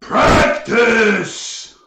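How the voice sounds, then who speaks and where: A man voicing a huge, round, dim-witted male ogre who shouts in short broken words. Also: very high-pitched, animated, very slow, very echoey, voice pushed up, full character voice. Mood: bellowing.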